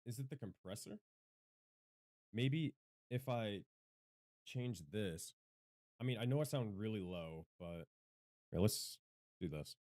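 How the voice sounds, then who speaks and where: A man streaming from home, loud and self-deprecating, rambling through casual mic tests on a studio microphone. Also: fairly low pitch, animated, slow, long pauses. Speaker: gaming content creator and streamer. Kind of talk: casual livestream mic testing. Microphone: studio microphone with equalizer.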